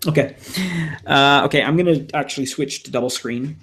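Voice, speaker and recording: A man's voice: mid-range voice, steady tone, brisk, a bit bright. A man illustrator chatting casually on a live stream, rambling and talking to himself while he draws. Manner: rambling, self-talking, scattered fillers.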